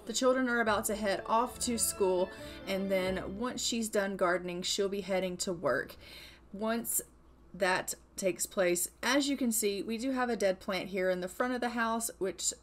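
A woman narrating her life-sim gameplay in casual, chatty style, sarcastic and quick to exclaim. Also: mid-range voice, faint music behind. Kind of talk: casual let's-play narration.

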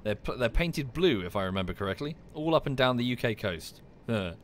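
A man's voice: mid-range voice, animated, a little fast, slight background noise. A man from the UK chatting casually while streaming a game, with dry muttered asides. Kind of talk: casual gameplay commentary.

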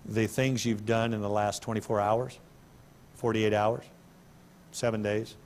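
A middle-aged male pastor preaching a sermon in a church, breaking into sudden loud, high bursts of emphasis. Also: level tone, measured pace, a little hiss or hum. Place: church sanctuary.

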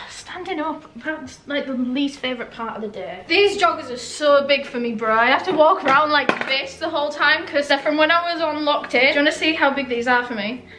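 A young woman with a softened Yorkshire accent, chatting casually to camera while doing her makeup, self-mocking and rambling. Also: high voice. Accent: Yorkshire, softened by a southern English accent. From Yorkshire, England. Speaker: YouTuber. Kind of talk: casual get-ready-with-me chat. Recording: echoey room.

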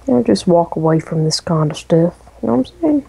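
Husky, dark-voiced guy cracking jokes. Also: on the high side, lively intonation, brisk, low-quality recording. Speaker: teammate in voice chat. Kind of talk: casual gaming voice chat.

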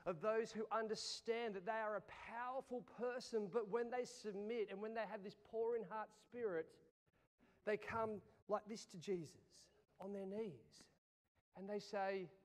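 A man preaching a sermon in an animated style, going from loud to hushed. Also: high voice. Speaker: pastor. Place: church hall. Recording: long church reverb.

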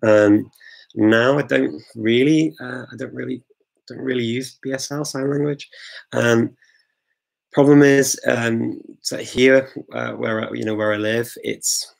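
A man's voice: medium pitch, steady tone, a little slow, gravelly. A man hosting a live online Q&A, chatting casually and rambling with many fillers and restarts. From England. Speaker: host answering viewer questions. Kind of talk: live Q&A chat.

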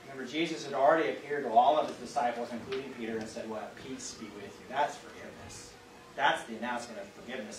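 In a church classroom, a pastor with a Midwestern American accent leads an interactive Bible study, talking conversationally with plenty of fillers and questions for the group. His mid-range voice has a fairly bright tone. The roomy recording comes from a distant mic with faint hiss.

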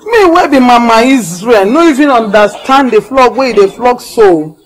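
A woman's voice: on the high side, animated, moderate pace, lightly acted. An actress playing a shrewd, teasing market woman who banters with a mocking laugh, in a Nigerian accent. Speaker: bar or food seller called Mama.

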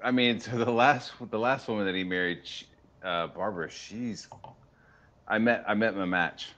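A man's voice: lowish voice, normal speed. A young man streaming, chatting casually with lots of swearing and acted-out quotes. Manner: animated, profane, acts out quoted voices. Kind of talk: casual chat.

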